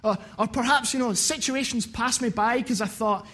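A man's voice: very high-pitched, normal speed, fairly bright tone. A man preaching a sermon, earnest and repeating phrases for emphasis.

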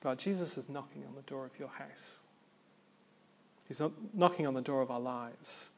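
A man preaching a sermon in an earnest, reflective way, with pauses and gentle emphasis. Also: medium pitch, vocal fry.

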